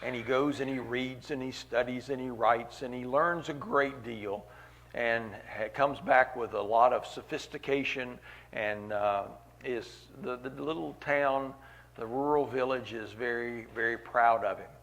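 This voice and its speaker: Slow, earnest male preacher. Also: mid-range voice, steady tone, fairly bright tone. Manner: slow, earnest, repeats key phrases. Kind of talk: sermon. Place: church meeting.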